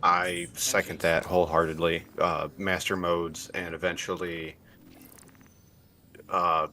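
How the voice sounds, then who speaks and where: A man giving casual gameplay commentary as a streamer, explaining tactics in a relaxed way with fillers and restarts. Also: low-pitched, takes it slowly, a little hiss or hum. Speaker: gaming streamer.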